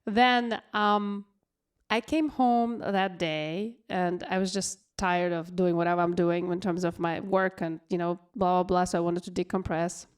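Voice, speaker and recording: A woman from abroad co-hosting a casual podcast, telling stories in an animated, excitable way with loose non-native phrasing. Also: on the low side, measured pace, smooth. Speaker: podcast co-host.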